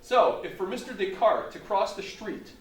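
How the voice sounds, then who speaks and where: A rabbi giving an animated lecture, full of rhetorical questions and sudden swings between loud and soft. His fairly high voice echoes in a roomy space and is picked up from some distance, with faint ambience underneath. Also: normal speed, a little hiss or hum. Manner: animated, rhetorical questions, dramatic shifts in volume. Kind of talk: Torah lecture.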